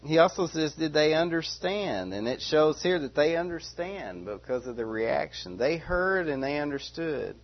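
A man's voice: a little high, animated, normal speed, few pauses. A man teaching through a Bible passage verse by verse, earnest, often repeating himself and asking rhetorical questions. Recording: dull lo-fi recording.

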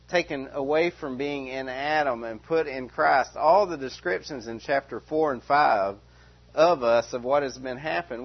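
A man preaching a verse-by-verse sermon, repeating key phrases slowly and with emphasis. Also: a little high, breathy edge, highs cut off. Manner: emphatic repetition, slow stressed phrases. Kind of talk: expository sermon.

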